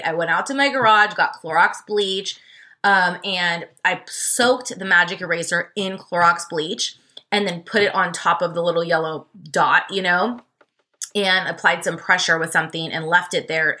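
Bright, chatty woman podcaster. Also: medium pitch, moderate pace. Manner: chatty and expressive, filler-heavy, addresses listeners as y'all. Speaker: podcast host. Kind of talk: casual solo podcast storytelling.

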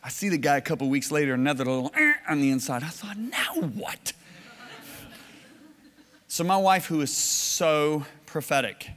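A man preaching a sermon, telling stories and swinging from low, hushed lines to loud shouted bursts. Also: animated, normal speed, in a large hall.

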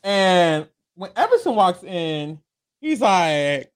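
A man casually recapping a reality show, slangy and animated, acting out quotes in campy voices. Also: fairly high pitch, moderate pace, clean tone. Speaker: podcast co-host.

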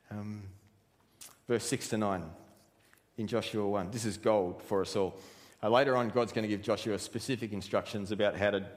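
A man preaching a sermon in a church, earnest and driving his points home with rhetorical questions. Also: on the low side. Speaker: pastor. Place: church hall. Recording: reverberant church hall.

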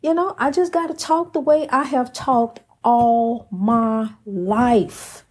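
A woman's voice: a little high, slow pace, breathy edge. A woman hosting a Christian inspirational program, speaking in a folksy, down-to-earth way, calling listeners honey and repeating phrases with preacher-like emphasis. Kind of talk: casual spoken devotional message.

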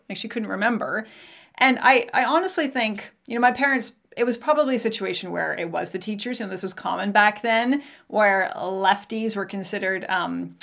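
A woman in her forties hosts her own show and tells a personal story in a candid, lively way. Her voice sits mid-range with a gravelly edge. She breaks into the remembered dialogue as she goes. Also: medium pitch, fairly quick. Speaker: podcast host.

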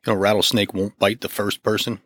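A retired police officer co-hosting a podcast, chatting casually and teasing the others. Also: male voice, lowish voice, flat delivery, brisk, a bit bright, dry recording. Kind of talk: casual chat.

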